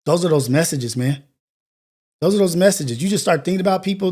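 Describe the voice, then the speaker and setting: High-pitched dude hosting a morning show, earnest and preachy, keeps repeating himself. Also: male voice, animated, fairly quick, mellow. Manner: earnest, preachy, repetitive phrasing. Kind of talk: motivational monologue.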